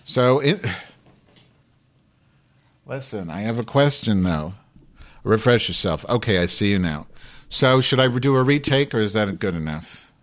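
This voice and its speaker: A crude, abrasive Jewish woman host, played by a man, who rambles through a live webcast in profane rants. The voice sits fairly low for a man's. The tone stays irritable and unpolished, typical of improvised comedy. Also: lively intonation, unhurried, long pauses. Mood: grumbling. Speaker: host of a live online show.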